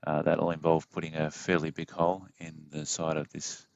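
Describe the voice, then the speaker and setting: A man with an Australian accent giving a casual step-by-step car install tutorial as a voiceover, in a self-described monotone with plenty of fillers. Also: a bass voice, vocal fry, no room sound, lo-fi sound. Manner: monotone, plain and unhurried, with fillers. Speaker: DIY car install host. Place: home studio voiceover.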